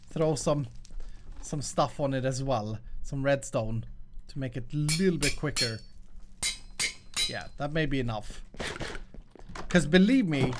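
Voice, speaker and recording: Chatty upbeat man, slightly high voice. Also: a bit bright, slight background noise. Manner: chatty and upbeat, laughs often. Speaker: host. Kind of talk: casual gameplay commentary.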